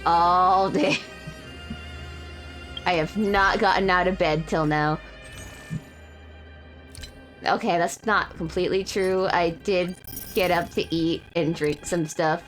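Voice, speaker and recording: A woman's voice: on the low side, steady tone, takes it slowly, pauses often, fairly bright tone, soft background music. A woman streamer in casual chat, feeling a bit unwell, rambling and correcting herself with frequent laughs.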